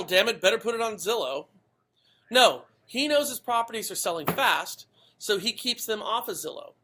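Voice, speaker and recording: High, bright-voiced emphatic male podcast host. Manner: emphatic and blunt, swears, keeps checking in with "okay?". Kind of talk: opinionated podcast commentary.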